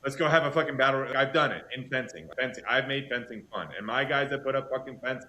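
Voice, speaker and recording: A man's voice: mid-range voice, quick pace, pushed and bright, slight background noise. Intense, foul-mouthed man in echoey room. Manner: heavy swearing, intense and emphatic ranting. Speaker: podcast host. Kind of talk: casual interview chat.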